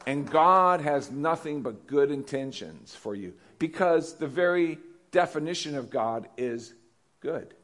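A man's voice: fairly high pitch, expressive, a little slow, a bit bright. Man preaching a conversational sermon. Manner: conversational preaching with repeated questions to the congregation. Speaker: pastor.

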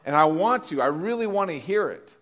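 A man's voice: a little high, animated, a little fast, a bit bright. A male pastor preaching a conversational sermon, often repeating questions to the congregation.

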